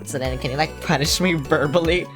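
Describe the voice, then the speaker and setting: A woman's voice: sits low, brisk, music in the background, close to an everyday voice. A woman voicing a lonely, awkward man calling a hotline, talking in a hesitant, sheepish ramble.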